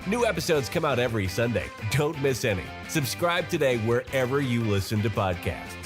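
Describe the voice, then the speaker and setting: A man reading a scripted podcast outro in an upbeat promotional way. His pitch moves around a lot as he reads. Plucked guitar music plays clearly behind him. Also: very animated, fairly quick. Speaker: show outro announcer.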